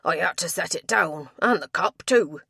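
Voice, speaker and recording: A woman reading a big, sulky male tavern tapster with gruff rustic dialect speech. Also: on the low side, lively intonation, moderate pace, bright, forceful tone, no room sound, studio quality, full character voice. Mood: grumbling.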